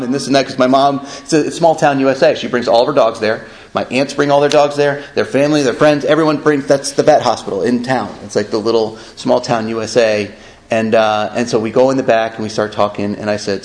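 A man's voice: lowish voice, fairly even intonation, a little fast, poor audio. Man telling a recovery story, rambling. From upstate New York. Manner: rambling, many restarts and "right?". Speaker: recovery speaker. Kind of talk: personal story share.

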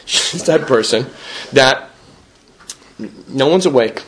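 Man, recovery share, earnest, self-deprecating, repetitive phrasing, mid-pitched voice. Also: takes it slowly, fairly bright tone, a little hiss or hum. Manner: repetitive, conversational, keeps asking "right?". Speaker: recovering alcoholic sharing at a meeting. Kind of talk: personal recovery talk.

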